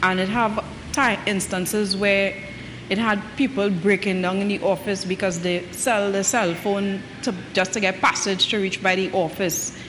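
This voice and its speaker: A woman's voice: medium pitch, steady tone, measured pace. A woman, a clinical director on a panel, speaking earnestly in local dialect. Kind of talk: studio panel interview. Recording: reverberant studio with clear noise.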